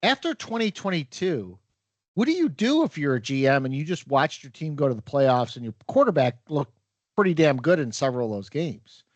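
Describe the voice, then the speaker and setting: A man with a fairly high voice talks through casual sports chat, stumbling over repeated words in a wry tone. The sound is dry and close to the mic. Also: sing-song, brisk, no echo. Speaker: podcast co-host.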